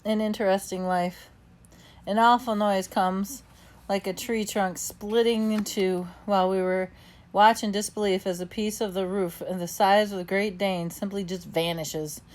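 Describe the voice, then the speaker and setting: A woman reading a children's novel aloud in the first person, with expressive storybook narration. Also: medium pitch, unhurried. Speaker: audiobook narrator.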